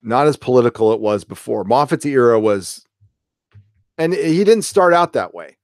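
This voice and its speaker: A man's voice: mid-range voice, expressive, normal speed, no room sound, studio quality. A middle-aged man hosting a casual live show, talking in a rambling, blunt way and swearing freely. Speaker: host.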